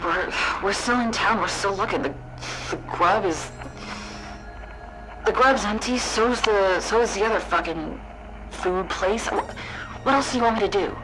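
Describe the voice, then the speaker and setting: A woman's voice: mid-range voice, a little slow, music in the background, voice pushed up, close to an everyday voice. A woman voicing an irritated male agent who complains and swears in exasperation. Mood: exasperated. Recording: noisy recording.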